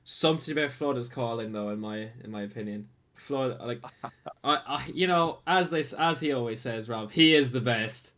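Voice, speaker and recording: Relaxed esports host. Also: male voice, medium pitch. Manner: relaxed, friendly, halting with restarts. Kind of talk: casual post-match commentary.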